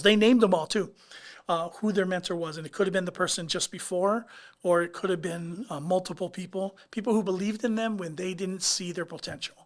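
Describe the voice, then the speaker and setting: A man's voice: high-pitched, fairly bright tone. Chatty man co-hosting a podcast. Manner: chatty, trails off in restarts. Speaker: co-host. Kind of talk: casual podcast chat.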